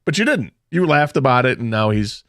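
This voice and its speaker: A man's voice: medium pitch, sing-song, a little fast, fairly bright tone, dry recording, studio quality. A man co-hosting a radio show, retelling a story with emphatic quoted asides. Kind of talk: casual sports radio chat. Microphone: studio microphone.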